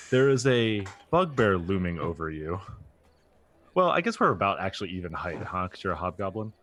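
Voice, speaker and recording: A man's voice: deep voice, sing-song, moderate pace, fairly bright tone, no room sound. A man playing in a tabletop game, joking and rambling with plenty of likes and ums. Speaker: player. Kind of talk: tabletop role-play chat.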